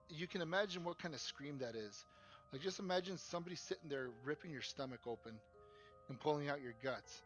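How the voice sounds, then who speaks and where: Animated young man telling a ghost story. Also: on the high side, muffled recording. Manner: animated, profane storytelling with acted-out quotes. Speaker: podcast co-host. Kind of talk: casual storytelling.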